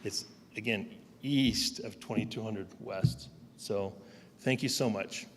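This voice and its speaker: A man with a fairly low voice speaking in a large council chamber, where his words trail into a long reverb over a faint background hum. He sounds hesitant and a little nervous, stumbling and losing his place as he makes his public comment. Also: slow pace. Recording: long hall reverb with faint room ambience.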